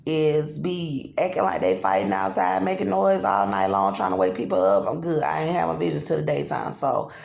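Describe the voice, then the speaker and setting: A woman filming herself on a phone in a dark motel room, talking in an agitated, profane, repetitive way. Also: deep voice, big pitch swings, normal speed, creaky, few pauses. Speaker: vlogger. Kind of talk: angry self-filmed monologue. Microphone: phone camera. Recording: echoey room.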